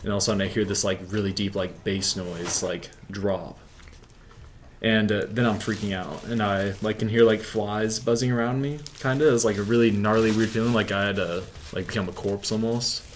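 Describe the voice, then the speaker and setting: A man's voice: on the low side, fairly even intonation, brisk, few pauses, slight background noise. A young man telling a story as an interview guest, rambling, with filler "like" in nearly every sentence. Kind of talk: casual storytelling.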